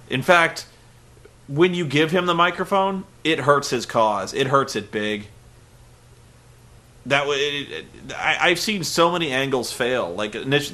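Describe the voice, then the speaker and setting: A man hosting a comedic recap, sarcastic, animated and prone to ranting. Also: mid-range voice. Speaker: host. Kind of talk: comedic recap of a wrestling show.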